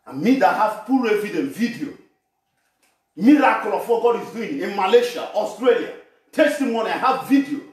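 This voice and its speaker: Animated Nigerian preacher in an echoey room. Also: male voice, high voice, moderate pace, distant mic. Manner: animated, shouting and laughing at the congregation. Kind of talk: sermon.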